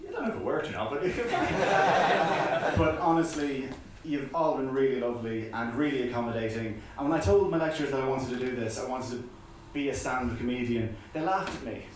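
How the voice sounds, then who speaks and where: A man's voice: medium pitch, brisk, noisy background. A young man in his twenties doing a self-deprecating stand-up set, laughing through his jokes, from far off in an echoey room. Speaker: student stand-up comedian.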